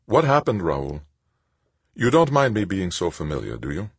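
A man voicing a cool, composed nun who speaks softly and calmly. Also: low voice, normal speed, slightly rough, no echo, voice pushed up, heavily acted. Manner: soft, calm, coaxing. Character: cool, composed nun, soft-spoken woman.

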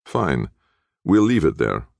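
A man voicing a cynical, scheming Italian villain, smooth and mocking in an audiobook. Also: very deep voice, very animated, slow, darkish tone, no echo, heavily acted. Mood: sneering.

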